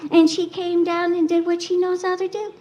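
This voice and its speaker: A woman telling a fable at a rally, slow and dramatic, sometimes dropping to a whisper. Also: very high-pitched, monotone, dark tone, low-quality recording. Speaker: storyteller at a rally. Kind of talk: oral storytelling, fable.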